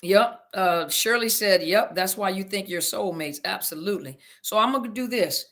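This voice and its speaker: A woman's voice: medium pitch, normal speed, fairly bright tone. A woman therapist hosting a live audio chat, answering listener comments and apologizing often after technical slips. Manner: apologetic, flustered, Southern-flavored casual speech. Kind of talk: casual live-stream chat, reading comments.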